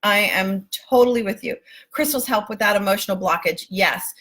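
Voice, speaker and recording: Bright-voiced woman life coach, emphatic. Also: mid-range voice, moderate pace, breathy edge. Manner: warm, emphatic, calls listeners baby and my love; casual, swears freely. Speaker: self-love life coach. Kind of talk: live-stream coaching talk.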